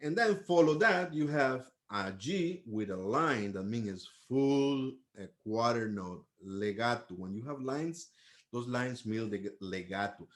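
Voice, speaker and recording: A man's voice: on the low side, animated, slow pace. Man patiently teaching trumpet articulation. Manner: patient, explains step by step, sings syllables to demonstrate. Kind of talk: music lesson.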